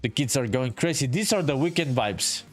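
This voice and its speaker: Animated and speaking at a moderate pace in a medium-pitched voice, a man streams his indie game development over soft background music. He keeps it laid-back and casual, reading comments aloud, cursing often, and calling viewers "dude."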